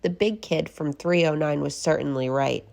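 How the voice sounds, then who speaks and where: A woman reading a children's picture book aloud as a guest reader, slow and expressive. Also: deep voice, creaky.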